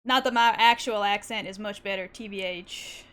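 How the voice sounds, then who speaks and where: Bright woman streamer in put-on Southern accent. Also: medium pitch, moderate pace, clean tone. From southern Canada. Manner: playful, teasing, bursts of silly sing-song noises. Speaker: art streamer. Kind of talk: casual chat while drawing.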